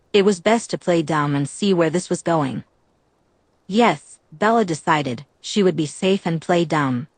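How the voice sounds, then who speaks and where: A woman narrating a fan-fiction audiobook in a steady, even reading. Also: lowish voice, no room sound.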